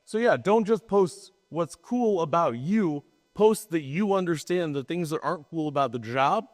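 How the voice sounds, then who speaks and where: A man's voice: fairly high pitch, lively intonation, moderate pace, few pauses, long reverb tail. A man co-hosting a podcast in casual chat, talking in a rambling, emphatic way and often restarting his sentences. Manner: rambling, self-interrupting, emphatic. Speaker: podcast co-host.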